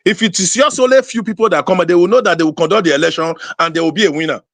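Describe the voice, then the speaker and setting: A man's voice: high-pitched, fairly bright tone, dry recording. A man who is a politician, arguing insistently in a heated debate. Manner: insistent, quick, repeats himself.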